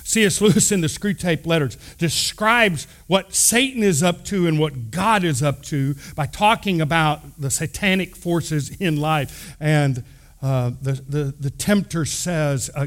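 A middle-aged man from Texas, a pastor telling stories in an animated, conversational sermon with lively asides. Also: fairly high pitch, measured pace. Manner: animated, acts out quoted voices, conversational asides. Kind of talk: storytelling sermon.

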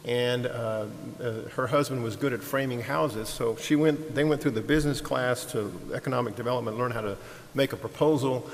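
A man telling a ministry story to a congregation, animated, acting out the people he quotes, with frequent restarts and repeated words. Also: medium pitch, a little fast. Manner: animated, acts out quoted voices, laughs easily. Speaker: ministry leader. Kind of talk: sermon-style storytelling. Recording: long hall reverb, faint hiss.

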